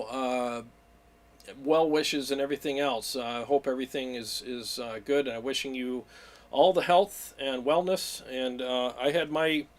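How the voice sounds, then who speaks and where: A man hosting a weekly livestream, talking in an excitable, rambling way and greeting viewers by name. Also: medium pitch. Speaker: livestream host. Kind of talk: casual livestream chat.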